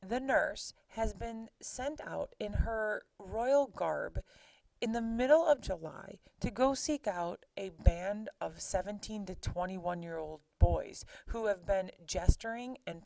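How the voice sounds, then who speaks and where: A woman's voice: medium pitch, gravelly, mellow, no room sound, distant mic, poor audio. A woman teacher casually retelling a play scene, chatty with exclaimed asides to her students. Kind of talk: casual lesson summarizing a play.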